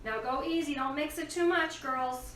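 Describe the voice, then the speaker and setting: Mom doing a cooking video in her kitchen, kinda high voice, echoey and far off, dishes clanking. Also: normal speed, a bit bright, a little hiss or hum. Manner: chatty, coaching her kids as she cooks. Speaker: host of a home cooking show, mother. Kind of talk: casual cooking demonstration. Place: home kitchen. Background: clinking cutlery and dishes.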